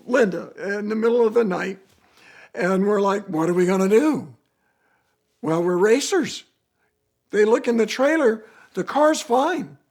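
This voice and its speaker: A man, a racer, telling a casual car story in an animated, storytelling way. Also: creaky. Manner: animated storytelling with swings in pitch and volume. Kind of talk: casual anecdote.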